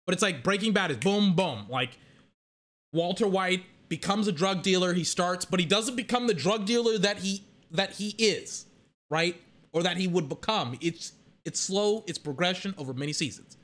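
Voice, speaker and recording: A man ranting casually to camera about a TV series, rambling and animated, with lots of restarts and fillers. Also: high voice, normal speed. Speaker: vlogger reviewing a TV series.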